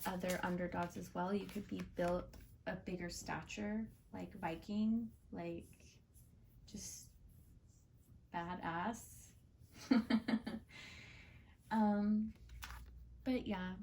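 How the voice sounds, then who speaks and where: A woman's voice: lowish voice, steady tone, slow pace, gravelly, long pauses, a little mellow, distant mic, slight background noise. Chatty woman giving a tarot reading. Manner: chatty and heartfelt, with many fillers like "like" and "um". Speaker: tarot card reader and channel host. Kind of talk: casual spoken tarot reading.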